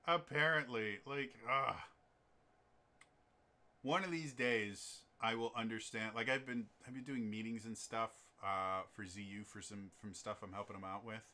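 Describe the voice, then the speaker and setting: A man's voice: fairly low pitch, fairly even intonation, measured pace, sharp tone. A man running his own tabletop campaign on a stream, chatting in a rambling way with many ums and restarts. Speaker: game master and streamer. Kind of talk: casual chat on a stream.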